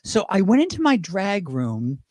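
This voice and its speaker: High-voiced British drag performer telling stories. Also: male voice, dry recording. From Great Britain. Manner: animated, quick impressions, laughs while talking. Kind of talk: casual interview storytelling.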